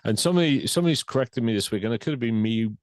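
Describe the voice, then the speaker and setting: A man's voice: mid-range voice, animated, rapid-fire, a little mellow, no echo. A man co-hosting a casual football podcast, talking in a hesitant way with frequent restarts and repeated words. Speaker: podcast co-host.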